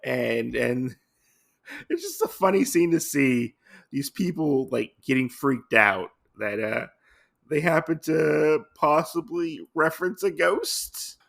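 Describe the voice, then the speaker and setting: A man's voice: a little high, animated, slow pace, creaky, a bit bright. A man hosting a podcast, recapping a comic casually, rambling and hesitant with lots of fillers. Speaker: podcast host.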